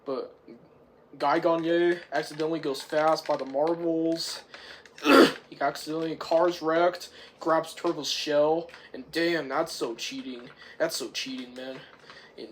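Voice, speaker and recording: A young man casually recapping a movie's plot, rambling and excitable, swearing now and then and often clearing his throat. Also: a little high, measured pace, slight background noise. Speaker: movie reviewer.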